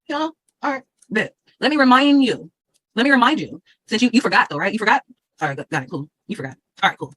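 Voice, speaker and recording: A woman's voice: fairly high pitch, expressive, fast, fairly bright tone, breathy edge, no echo, rough recording. A woman vlogging straight to her viewers in a combative, repetitive way, reading legal passages aloud between her own remarks. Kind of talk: direct-to-camera video rant, reading legal text aloud.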